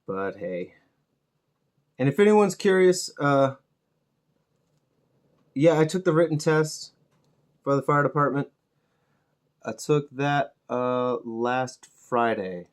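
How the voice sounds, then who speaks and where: A man's voice: medium pitch, slow pace, long pauses. A middle-aged man chatting casually while he paints miniatures, laid-back, swearing freely and joking at his own expense. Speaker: miniature painting channel host.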